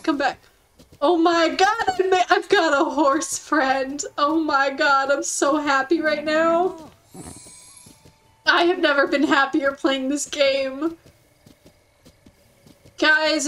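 A woman streaming a game, chatting casually and excitedly, giggling often and cooing softly at her in-game horse. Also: sits high, low-quality recording. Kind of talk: casual gameplay commentary.

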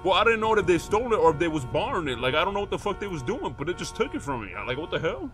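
Excitable, profane young man, slightly high voice. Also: racing, over music. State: out of breath. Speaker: streamer playing a mechanic. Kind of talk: in-character game role-play.

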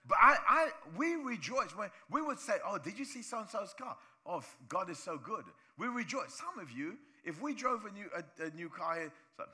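Animated preacher man, high bright voice. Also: moderate pace. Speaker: pastor. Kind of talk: sermon. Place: church.

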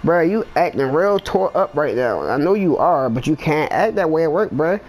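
A man's voice: on the high side, sing-song, normal speed, a little mellow, poor audio. A man chatting casually with a friend during an online game, profane and slangy, trading banter and blunt advice. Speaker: gamer in voice chat. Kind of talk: casual gaming chat.

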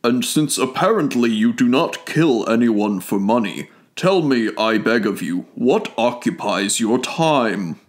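A man voicing a lofty, grave giant alien voyager from Sirius in a storybook reading, speaking in a solemn, measured, declamatory way. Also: mid-range voice, lively intonation, close to an everyday voice. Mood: courteous. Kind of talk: audiobook character reading.

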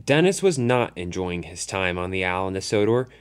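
A man's voice: sits low, very animated, normal speed, clean tone. Man, storyteller, casual toy train story, loose unscripted delivery, restarts. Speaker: narrator.

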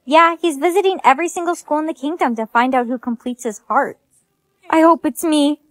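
A woman acting in comedic POV skits with a quiet, matter-of-fact delivery. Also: high-pitched, brisk, dry recording. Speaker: skit creator.

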